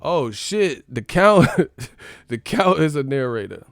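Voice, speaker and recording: A man's voice: fairly high pitch, big pitch swings, slow pace, vocal fry, no echo, studio quality. A man hosting a livestream, rambling in casual chat, swearing and laughing often. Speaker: livestream host.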